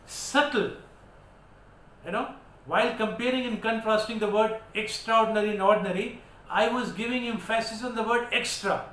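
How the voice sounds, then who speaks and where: A man's voice: high voice, fairly bright tone. A man with an Indian English accent teaching vocabulary, spelling words out and switching into Hindi to explain. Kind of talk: vocabulary lesson. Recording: echoey room with faint background noise.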